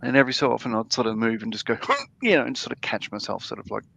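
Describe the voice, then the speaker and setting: A man's voice: medium pitch, fairly even intonation, fast talker, creaky, a bit bright, slightly rough. A man with an Australian accent chatting casually on a livestream, rambling with lots of fillers and restarts. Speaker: livestream co-host. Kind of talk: casual chat, reading viewer comments.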